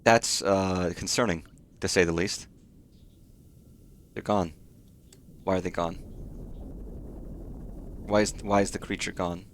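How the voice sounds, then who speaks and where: Male streamer, low register, talks to himself while playing, swears a lot, casual. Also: steady tone, slow pace, pauses often, a little hiss or hum. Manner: swears freely, startled muttering to himself. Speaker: game streamer. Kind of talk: casual gameplay commentary.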